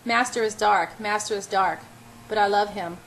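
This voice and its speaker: A woman reading the lines of a fragile, unhinged young woman who murmurs in a soft, childlike sing-song. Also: medium pitch, normal speed, a little hiss or hum, lightly acted, low-quality recording. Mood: murmuring.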